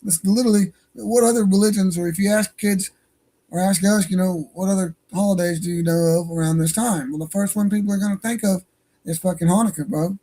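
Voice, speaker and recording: A man's voice: high voice, fairly even intonation, fairly quick, warm tone. A man hosting an online radio show, talking in a profane, rambling and heated way. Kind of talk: casual ranting monologue. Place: home studio for an online stream.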